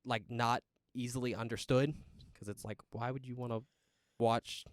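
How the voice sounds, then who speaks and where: A man in casual conversation as a podcast co-host, quick to laugh and animated as he goes. His voice sits at an ordinary pitch. The sound is dry and close. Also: no echo. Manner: chatty, animated, laughs often. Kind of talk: casual movie chat.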